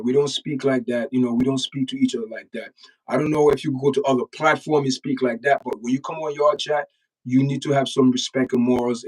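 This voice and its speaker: Jamaican male host, middle pitch, forceful repetitive stream talk, mic set back a bit. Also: distant mic, rough recording. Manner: emphatic, repeats words, lectures the chat directly. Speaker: channel host reacting to news and chat. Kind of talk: casual livestream commentary.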